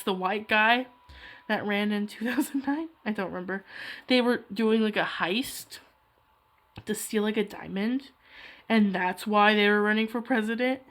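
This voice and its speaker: A young woman chatting casually while she draws, rambling and self-deprecating. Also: medium pitch. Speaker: hobby artist vlogger. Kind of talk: casual chat while drawing.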